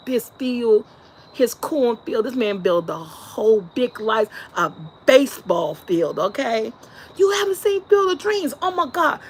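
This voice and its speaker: A woman hosting a casual live stream, lively and laughing often as she talks to her chat. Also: on the high side, slight background noise. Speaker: vlog host.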